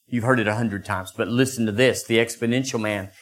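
An older man preaching a sermon as pastor, acting out quoted voices in lively bursts. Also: fairly quick. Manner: animated, acts out voices with sudden high pitch jumps.

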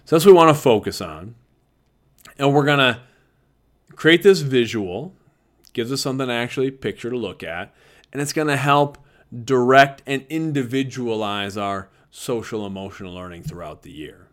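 A man's voice: medium pitch, expressive, moderate pace. A man who teaches visual arts, talking earnestly and conversationally to fellow teachers and laughing easily.

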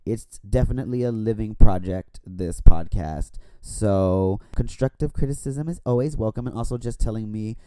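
On a borrowed studio mic, a podcast host who's had a few drinks talks casually, rambling and cursing. His voice is on the low side, warm and smooth, at a moderate pace with hardly any pauses, and the recording is dry.

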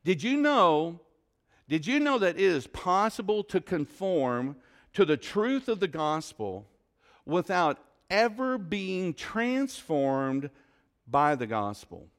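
A male pastor preaching a sermon in a church, emphatic, with rhetorical questions and dramatic pauses. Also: high voice, sing-song. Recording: long hall reverb.

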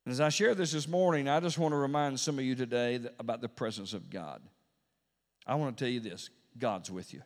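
A male preacher delivering a Pentecostal sermon in a medium-pitched voice. He drops to hushed, drawn-out words and then climbs to loud, emphatic peaks, hammering phrases through repetition. His voice rings out with the long reverb of a large hall. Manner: preaching with wide swings between hushed and loud. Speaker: pastor.

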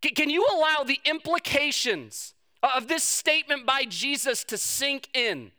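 A man's voice: very high voice, animated, a little slow, pushed and bright. A man preaching a sermon, telling a personal story with self-mocking humor and acting out the quotes. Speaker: pastor.

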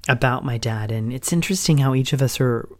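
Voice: medium pitch, fairly quick. Middle-aged podcast host, reflective monologue, emotional, run-on delivery. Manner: open and emotional, long run-on sentences linked with "and".

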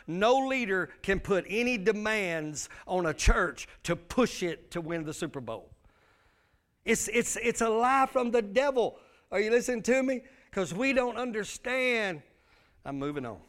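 A man's voice: high voice, a bit bright. A male pastor, preaching a sermon with emphatic call-and-response.

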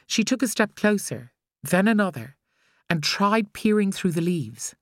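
Low-voiced Irish woman narrating an audiobook. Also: lively intonation, normal speed, no echo, studio quality. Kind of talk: scripted narration.

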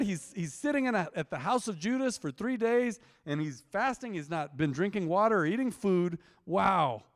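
Animated preacher in an echoing hall. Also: male voice, high-pitched, moderate pace, hardly any pauses. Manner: animated, teasing, quizzes the congregation. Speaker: pastor. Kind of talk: interactive sermon, reading scripture aloud. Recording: long hall reverb.

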